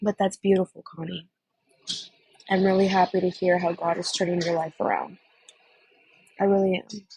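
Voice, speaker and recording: A woman's voice: fairly low pitch, level tone, moderate pace, creaky, pauses often, dark tone, breathy edge, no room sound, low-quality recording. A young woman on a casual phone chat, gushing and emotional, calling the listener honey.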